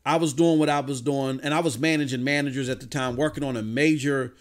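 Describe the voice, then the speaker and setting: A man's voice: mid-range voice, steady tone, quick pace. A man hosting a livestream in casual, off-the-cuff chat, talking emphatically with frequent stumbling restarts. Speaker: livestream host.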